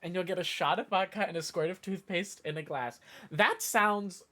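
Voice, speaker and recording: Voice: mid-range voice, normal speed, sharp tone. A livestreamer rambling in casual chat with viewers, playful and full of mock outrage and self-interruptions.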